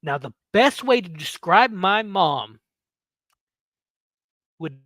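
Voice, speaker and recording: A man in his thirties, a podcast host, telling a story in a casual, animated way, swearing and laughing as he goes. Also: high voice, slow pace, dry recording. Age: 30s.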